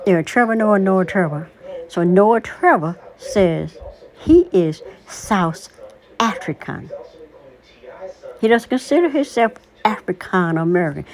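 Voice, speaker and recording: A woman in her sixties speaks slowly and deliberately, leaning hard on her points in a casual monologue. Her voice sits a little low. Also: expressive. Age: 60s. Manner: deliberate, emphatic, opinionated. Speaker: vlogger.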